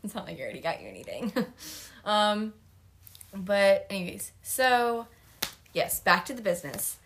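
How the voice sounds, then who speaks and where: A woman's voice: mid-range voice, lively intonation, moderate pace, fairly bright tone, a little hiss or hum. A young woman co-hosting a podcast in casual chat, rambling with lots of fillers and giggles. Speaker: podcast co-host.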